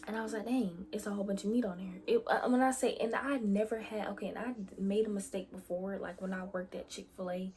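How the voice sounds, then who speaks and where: A woman's voice: medium pitch, fairly even intonation, fairly quick, few pauses, a little mellow, a little hiss or hum. Chatty young woman with whispered asides. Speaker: vlogger. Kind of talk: casual storytelling about faith.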